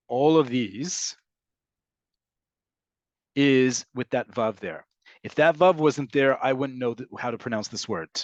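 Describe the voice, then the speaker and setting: A man's voice: medium pitch, dry recording. Man teaching in a dull, dry recording. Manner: explanatory, patient, reads out student questions; frequent "um" and "right?" fillers. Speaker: Hebrew teacher. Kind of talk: online class answering questions.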